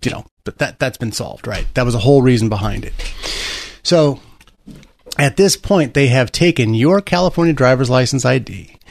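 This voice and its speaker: A man's voice: medium pitch, animated, normal speed, gravelly. A man hosting a talk radio show, rambling and sarcastic, with frequent restarts. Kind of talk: casual political talk radio.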